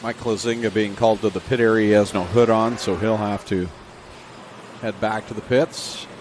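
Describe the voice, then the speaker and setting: A man's voice: lowish voice, fairly even intonation, normal speed, a little mellow, a little hiss or hum. A man announcing a live race at an outdoor speedway, calling flags, restarts and battles, and laughing easily with his partner. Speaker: race commentator.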